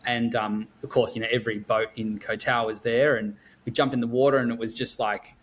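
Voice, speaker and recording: A man chats as a podcast guest, his pitch sitting in the middle range. He rambles through his stories with plenty of ums and likes and laughs often. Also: level tone, brisk, a bit bright. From Melbourne, Australia. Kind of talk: casual interview chat.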